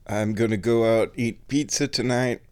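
A man's voice: mid-range voice, fairly even intonation, normal speed, a little mellow, clean tone, no room sound. A man hosting his own show from home, chatting in a laid-back, rambling way. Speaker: streamer hosting a recurring show. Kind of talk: casual rambling chat. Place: indoors at home.

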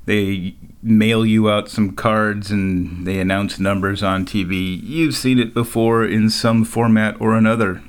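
A middle-aged man talking in a rambling, casual monologue, often laughing at his own stories and tossing in sarcastic asides. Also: lowish voice. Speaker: vlogger.

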